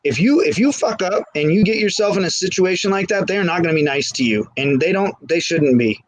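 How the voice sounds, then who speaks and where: Man, slightly high voice, candid rambling storyteller, dry close sound, restarts a lot. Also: lively intonation, a little fast, dry recording, rough recording. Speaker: guest. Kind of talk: casual storytelling. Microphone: phone.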